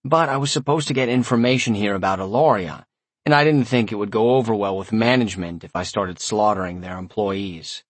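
Wry, husky male story narrator. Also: on the low side, a little fast, dry recording. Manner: wry, sardonic. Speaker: audiobook narrator. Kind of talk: first-person story narration.

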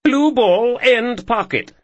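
A man's voice: extremely high pitch, lively intonation, slow pace, fairly bright tone, dry recording, voice pushed up, exaggerated voice. A man voicing a young cowboy putting on a fake posh accent to show off. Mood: mocking. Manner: mock-posh, showing off.

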